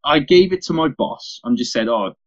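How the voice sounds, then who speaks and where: A man's voice: a little high, normal speed, highs cut off. A young father, telling stories in a casual podcast chat, swearing freely. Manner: sweary, animated anecdote teller.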